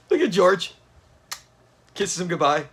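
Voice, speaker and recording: His voice is high, husky and fairly bright; he's an adult with kids hosting a livestream watch party. Chatting with viewers, he reacts to a sitcom episode and laughs often.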